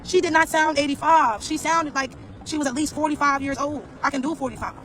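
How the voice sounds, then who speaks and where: High-voiced fast-talking New man. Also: fairly even intonation, sharp tone, low-quality recording. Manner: blunt, profane, slangy storytelling; repeats phrases, talks straight to viewers. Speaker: vlogger. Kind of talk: casual storytime rant.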